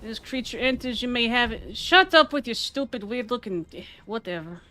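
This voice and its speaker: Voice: mid-range voice, expressive, normal speed, pushed and bright, a little hiss or hum. A VTuber streamer giving casual gameplay commentary, full of playful trash talk aimed at opponents.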